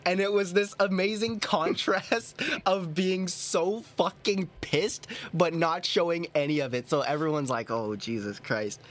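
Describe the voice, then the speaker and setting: Animated young man telling a story. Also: sits high, unhurried, few pauses. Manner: animated storytelling, quotes friends, swears freely. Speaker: guest. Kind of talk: casual podcast chat.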